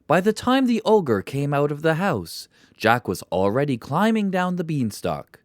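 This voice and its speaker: A narrator reads a children's story aloud for English learners, taking it slowly and with great care. The voice rises and falls in lively swings to bring each scene to life. The recording is dry and close. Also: medium pitch, no echo. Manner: slow, deliberate and expressive.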